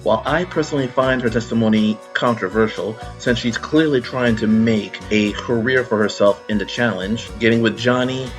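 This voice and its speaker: A man narrating a scripted commentary in an even, measured way. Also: medium pitch. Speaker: video narrator. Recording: music playing underneath.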